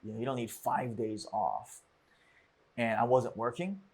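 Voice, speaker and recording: A man hosting a podcast, telling a personal story in a halting, reflective way with frequent restarts. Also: mid-range voice, husky. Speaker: podcast host.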